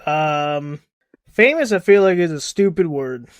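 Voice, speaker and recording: A man's voice: on the high side, lively intonation, a little slow, dry recording, studio quality. A man co-hosting a podcast in casual chat, often laughing while he tells stories. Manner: laughs through his own stories. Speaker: podcast co-host.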